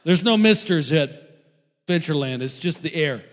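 A man telling a funny personal story to an audience, animated and laughing often mid-sentence. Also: fairly high pitch, normal speed, in a large hall.

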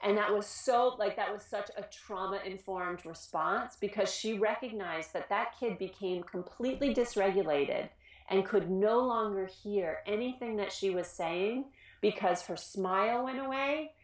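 A woman who works with children in schools, giving an informal talk on trauma, earnest and animated, often restarting her sentences. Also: mid-range voice, a little slow, reverberant. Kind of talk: informal educational presentation.

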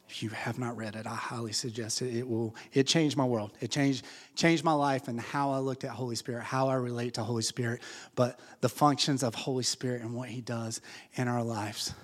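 Fervent man preaching in a reverberant hall. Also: mid-range voice. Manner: impassioned, building to fervent exhortation. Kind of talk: sermon. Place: church sanctuary.

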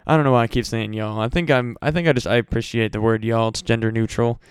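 A man's voice: mid-range voice, steady tone, quick pace, smooth, no room sound. Tired, rambling man on a podcast mic. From Midwest US. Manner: rambling, profane, loose. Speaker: podcast host. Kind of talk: casual solo podcast chat. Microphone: home podcast mic.

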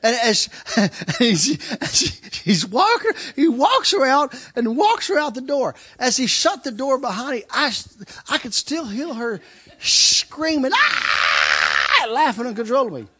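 A man's voice: very high voice, very animated, moderate pace, hardly any pauses, fairly bright tone, husky. A male preacher telling a story in a sermon, acting out screams and laughter as he goes. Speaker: traveling preacher.

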